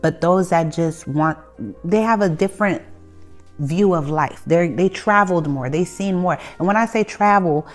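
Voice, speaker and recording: A young adult woman with a Haitian family background, talking bluntly and conversationally as she hosts a self-help video, with animated bursts and frequent restarts. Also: fairly low pitch, normal speed. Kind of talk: candid advice monologue. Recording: soft music behind the voice.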